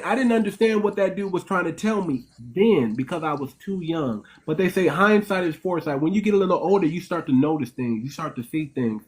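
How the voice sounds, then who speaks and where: A man hosts a commentary monologue in a slightly raised, lively register. He lectures emphatically and repeats and restarts phrases as he builds each point. He keeps checking in with short tag questions. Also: fairly high pitch. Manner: explains in a lecturing tone, asks "right?" and "okay?". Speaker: host.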